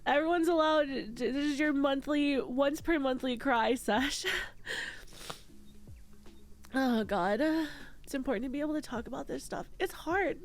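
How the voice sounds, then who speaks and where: A young woman VTuber streams from home, chatting with viewers in a high-pitched, unhurried voice marked by long pauses. Tearful and close to crying, she swears freely as she reads and answers chat at a desk microphone, wearing headphones.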